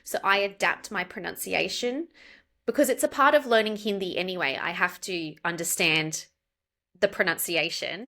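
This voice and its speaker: Australian woman, bright and clear. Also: lowish voice, normal speed. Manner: explains with spelled-out examples and laughs. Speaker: pronunciation coach guest. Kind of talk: casual interview chat.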